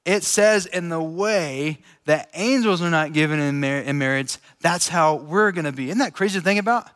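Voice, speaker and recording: Guy preaching real casual and chatty, kinda high voice, big echoey hall. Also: normal speed. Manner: relaxed, chatty, laughs easily. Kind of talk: casual conversational sermon. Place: large room with an audience. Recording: echoey hall with long reverb.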